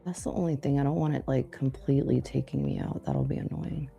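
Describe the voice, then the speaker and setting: A young woman co-hosting a live trading stream, chatting casually and telling animated stories with frequent laughter while she trades. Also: rumbling low, a little fast, vocal fry, husky, soft background music.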